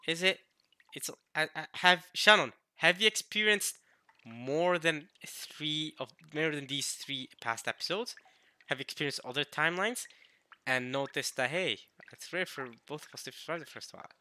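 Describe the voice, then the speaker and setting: A man playing through a visual novel who thinks out loud, often puzzled, and restarts his sentences as he works through what he reads. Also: a little high, moderate pace, no echo. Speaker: let's play host. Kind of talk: casual commentary while reading a visual novel.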